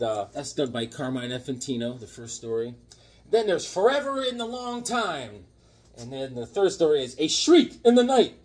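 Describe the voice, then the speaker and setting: A man in his fifties chatting casually about his comic books, animated and jokey with sudden loud outbursts. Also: mid-range voice, slightly rough. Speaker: comic book collector. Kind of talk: casual chat showing comics.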